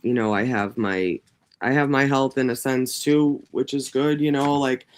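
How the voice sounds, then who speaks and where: A woman hosting a casual livestream from home, ranting in an animated, profane way. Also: very deep voice, normal speed, slight background noise. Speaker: livestream host.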